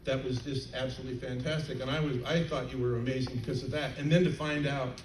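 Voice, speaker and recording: Older man halting through a panel chat. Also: medium pitch, flat delivery. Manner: halting, many fillers and restarts. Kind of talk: convention panel conversation. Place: convention hall panel stage. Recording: roomy, distant, faint crowd noise.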